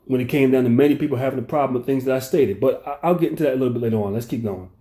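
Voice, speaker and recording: A man hosting a commentary video, analyzing a played clip in a deliberate, blunt way with some profanity. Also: medium pitch, mellow. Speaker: commentary channel host.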